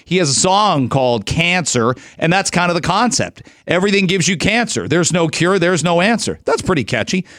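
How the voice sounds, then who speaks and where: A man's voice: high voice, very animated, normal speed, few pauses, a bit bright, no room sound. A male radio host in casual, joking studio talk, rambling through stories.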